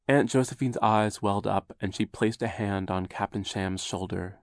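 A man's voice: on the low side, normal speed, few pauses, dry recording. A man reading a storybook aloud as narrator, with a wry, dry manner. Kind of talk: audiobook narration.

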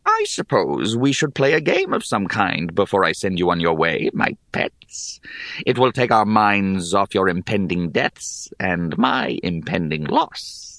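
A man's voice: low voice, very animated, unhurried, a bit bright, no echo, studio quality, full character voice. A man voicing an ancient bald hag who gambles on everything, talking in a lazy, sly drawl.

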